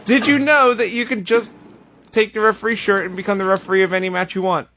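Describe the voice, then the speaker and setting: Podcast guy recapping stuff, kinda high voice, sarcastic and animated. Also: fast talker, slight background noise. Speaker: podcast host. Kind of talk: casual wrestling recap chat.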